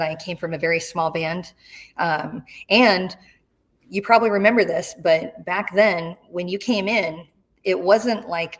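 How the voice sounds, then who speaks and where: A middle-aged woman tells a story in an interview. She talks in an animated way and acts out the voices of the people she quotes. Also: lowish voice. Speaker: interview guest, retired Marine.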